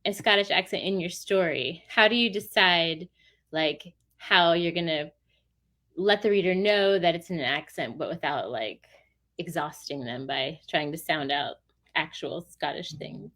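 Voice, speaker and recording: A woman's voice: sits low, unhurried, a bit bright. A woman hosting an interview, friendly and encouraging, who laughs along with her guest. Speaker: interview host. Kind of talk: casual interview chat.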